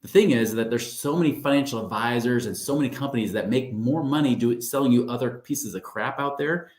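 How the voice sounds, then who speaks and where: A man with a voice of middle pitch gives a webinar presentation. He speaks in an upbeat, conversational way and keeps turning to his listeners. The room sounds echoey. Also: brisk, a little mellow. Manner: upbeat, conversational, often asks "right?" and says "guys". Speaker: financial coach.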